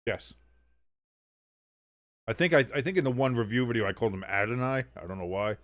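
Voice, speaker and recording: A mid-pitched man calls a football game on a casual livestream, trading sardonic, profane jokes with his chat between plays. He is close to the mic in a dry room. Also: a little fast, no room sound. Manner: sardonic, swears a lot, reads chat aloud. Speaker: sports stream host. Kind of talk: casual watch-along commentary.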